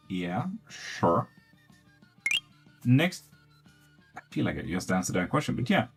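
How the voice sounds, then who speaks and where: A man's voice: low voice, sing-song, slow pace, gravelly, long pauses, soft background music. A man giving casual tarot readings on a live stream, blunt and swearing freely.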